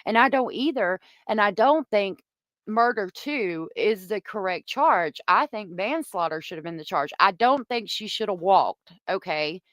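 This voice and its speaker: A woman's voice: medium pitch, lively intonation, unhurried, fairly bright tone, no room sound. A woman hosting a casual true crime livestream, chatty and gossipy, reading viewer comments aloud.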